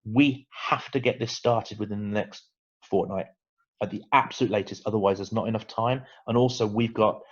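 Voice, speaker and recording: A man presenting a fundraising webinar, emphatic and animated, repeating words for stress. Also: lowish voice, normal speed, muffled recording.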